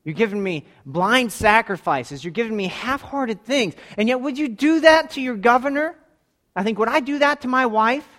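An extremely high-pitched man delivers a sermon at normal speed in his role as pastor. Loud exhortations give way to quiet asides, and he keeps putting questions straight to the congregation.

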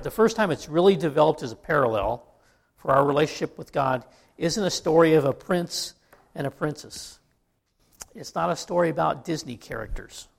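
A man delivering a sermon in an easygoing, conversational way. His voice sits a little high and carries a gravelly fry. He jokes with his congregation and often stops to restart a phrase. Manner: folksy, joking, with frequent restarts. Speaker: pastor.

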